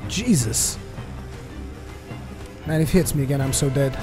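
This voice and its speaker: A man doing joking, sarcastic gameplay commentary, getting excited during fights. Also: mid-range voice, normal speed, pauses often, over music. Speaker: let's play commentator.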